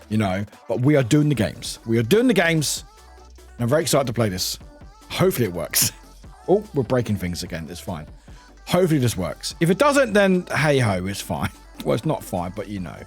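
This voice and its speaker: Uk guy streaming at home, chatty and upbeat, bouncy voice that jumps around a lot. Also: a little high. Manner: chatty and upbeat, greets viewers, laughs often. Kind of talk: casual live-stream chat while playing a word game. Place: home room with a cat nearby.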